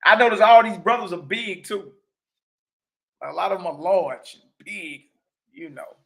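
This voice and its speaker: A man teaching a religious lesson, reading passages slowly and commenting in a casual, emphatic way with repeated catchphrases. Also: high-pitched, creaky.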